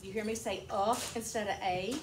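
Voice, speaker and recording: A woman's voice: mid-range voice, steady tone, normal speed, slight background noise. A woman teaching young children in a classroom, patiently explaining with examples. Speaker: kindergarten teacher. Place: echoey classroom. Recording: echoey classroom.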